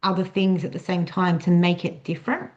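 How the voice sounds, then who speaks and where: Woman, interview host, lowish voice, affirming, dull lo-fi sound. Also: level tone, brisk, a little mellow. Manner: affirming, short backchannels. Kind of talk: casual interview chat.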